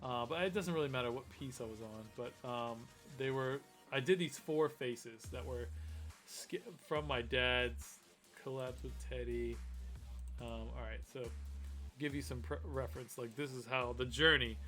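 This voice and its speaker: A man's voice: mid-range voice, measured pace, sharp tone, faint music behind. A man hosting a casual live stream, rambling with lots of fillers and restarts. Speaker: host.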